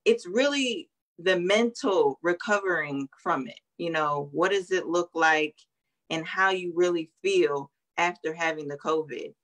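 A young woman with a low voice speaks over a video call. She is earnest and hesitant, with frequent ums, as she recounts her experience as an interview guest. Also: measured pace, fairly bright tone. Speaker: guest, nurse sharing her story. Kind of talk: emotional interview testimony.

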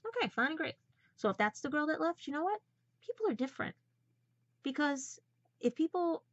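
A woman's voice: a little high, a bit bright, no room sound. Angry woman vlogger, dull lo-fi sound. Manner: confrontational, keeps addressing viewers as "guys". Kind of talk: angry personal vlog rant.

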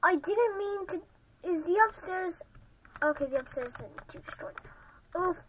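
A child commenting on a block-game match, excitable and often muttering quiet half-whispered asides. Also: very high-pitched, a little slow, slight background noise, poor audio. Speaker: gamer. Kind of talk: Minecraft gameplay commentary.

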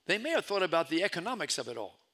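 A middle-aged man preaching a storytelling sermon as pastor, swinging from loud calls to hushed asides. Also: fairly high pitch, very animated, racing.

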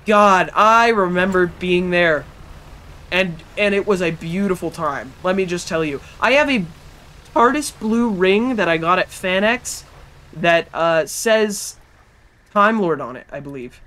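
A man's voice: sits high, animated, measured pace, pushed and bright. A man streaming live, chatting as he plays and talking back to game characters and his chat. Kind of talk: live gameplay commentary.

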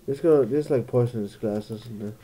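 Very dark-voiced man thinking aloud. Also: medium pitch, normal speed. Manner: musing, thinking aloud, jokey asides. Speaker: let's play gamer. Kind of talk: casual gameplay commentary.

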